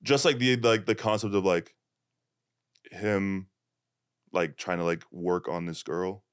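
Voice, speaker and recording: A laid-back young man hosts a casual podcast chat, his voice low-pitched and smooth. He laughs easily and talks in loose, relaxed runs. The sound is dry and close. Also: measured pace, dry recording. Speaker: podcast host.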